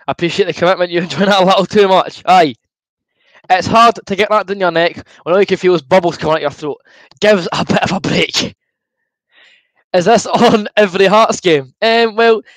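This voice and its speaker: A young Scottish man with a high voice hosts a football watchalong stream and chats his way through the viewer comments. He sounds good-humoured and a little queasy from gulping fizzy juice, and the sound is dry and close. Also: no echo, rough recording. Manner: chatty and good-humoured, reads out comments and answers them. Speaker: livestream host. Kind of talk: casual watchalong chat, reading viewer comments.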